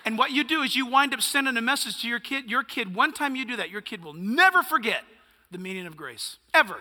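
A man's voice: extremely high pitch, lively intonation, fairly quick, pushed and bright, long reverb tail. A male pastor preaching a sermon, emphatic and punchy, firing off rhetorical questions.

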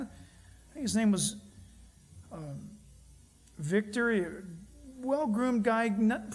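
Higher-voiced man preaching a sermon. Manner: earnest, storytelling preacher with emphatic slowed phrases. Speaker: pastor.

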